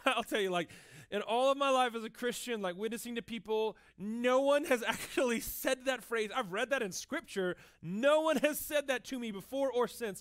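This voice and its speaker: A young man preaches a sermon in a high, light voice. He tells a personal story in a relaxed way, with plenty of "like" and restarts. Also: brisk, smooth. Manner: storytelling, with frequent fillers and restarts. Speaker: pastor.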